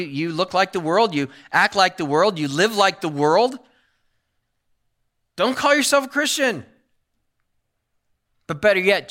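A man's voice: a little high, pushed and bright. A middle-aged male pastor preaching a sermon, earnest and repeating key phrases for emphasis.

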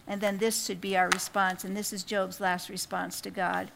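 A woman teaching a Bible study to women, talking casually with quick asides and then reading scripture out with emphasis. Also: medium pitch, steady tone, creaky.

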